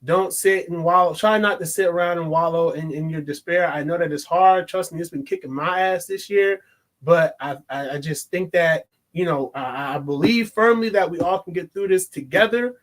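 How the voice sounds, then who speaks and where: A man's voice: on the high side, moderate pace. A young adult man reviewing a movie in a casual, rambling monologue, full of joking asides and restarts.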